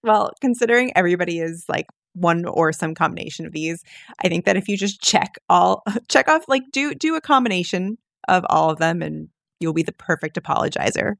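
A woman co-hosting a podcast in casual chat, relaxed and giggly as she reads out a list. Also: on the low side, brisk, vocal fry, no room sound, studio quality. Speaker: podcast co-host.

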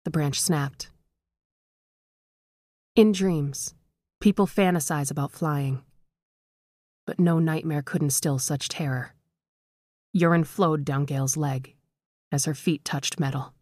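A woman narrating a horror short story in a measured, dramatic way. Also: low-pitched, mellow, no echo, clean studio sound.

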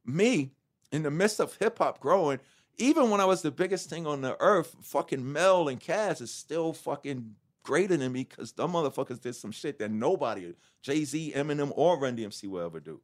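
A middle-aged man speaks candidly in an interview, his voice sitting a little higher than most men's. He tells his story with energy, swears freely, and slips into the voices of the people he quotes. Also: moderate pace. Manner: animated, swearing, acts out quotes. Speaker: guest.

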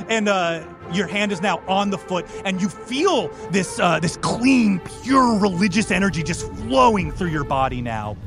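A man runs a tabletop game, rambling through lush scene descriptions and often restarting his phrases. His voice is fairly high for a man. Music plays behind him. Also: very animated, moderate pace, hardly any pauses. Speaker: game master.

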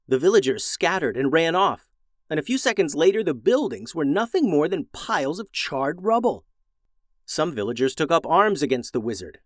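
A man narrating a scripted children's story in a gentle, expressive storytelling manner, as host of the show. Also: a little high, no room sound, clean studio sound.

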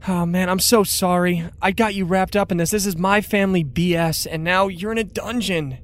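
A woman narrating as game master of a tabletop role-playing game, chatty and expressive. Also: on the low side, moderate pace.

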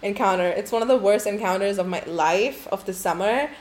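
A woman's voice: mid-range voice, fairly quick, darkish tone. Profane rambling young woman storyteller. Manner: profane, candid, rambling with many likes. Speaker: podcast host. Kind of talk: casual storytelling to listeners.

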